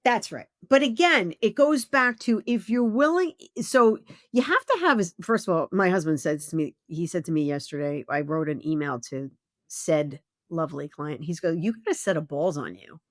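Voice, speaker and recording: A woman's voice: lowish voice, lively intonation, moderate pace, dry recording, studio quality. A middle-aged woman hosting a podcast interview, talking bluntly and emphatically, with some swearing. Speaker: podcast host. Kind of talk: casual interview chat.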